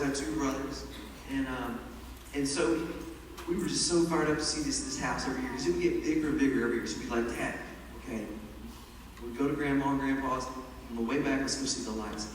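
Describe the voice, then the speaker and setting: A man telling a lively personal story to an audience in an echoey hall, recorded from far off with loud ambient noise behind. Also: mid-range voice. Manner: animated, chatty, laughing at his own story.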